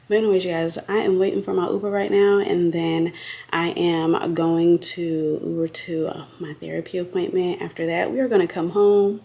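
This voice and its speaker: Vlogger, woman, slightly low voice, chatty, talks straight to her viewers, outdoors on a handheld camera. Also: normal speed, gravelly, dark tone. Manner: chatty, addresses viewers directly as y'all. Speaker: lifestyle vlogger. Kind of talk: casual vlog chat to camera. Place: outdoors, waiting for a ride.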